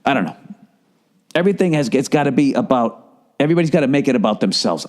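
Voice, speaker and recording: A man's voice: mid-range voice, expressive, fast, darkish tone. A man hosting a solo podcast, ranting in a profane, fired-up way with sarcastic asides, from the Boston area. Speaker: podcast host.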